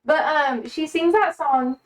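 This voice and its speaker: A woman's voice: sits high, slow, low-quality recording. An American woman cooking in her home kitchen on a live stream, chatting casually and answering her chat. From United States.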